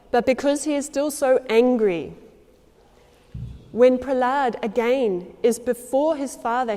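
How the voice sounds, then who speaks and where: A woman telling a devotional story as a sermon, acting out the lines of its characters with changes in loudness and pace. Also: fairly high pitch. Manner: acts out quoted lines with shifts in loudness and pace. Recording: long hall reverb.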